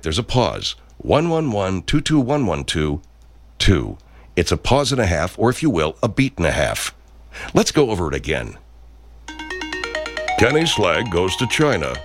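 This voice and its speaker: Man, pompous and deadpan, lively swooping pitch, faint music behind. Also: no echo. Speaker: comedy performer. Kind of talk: improvised comedy sketch.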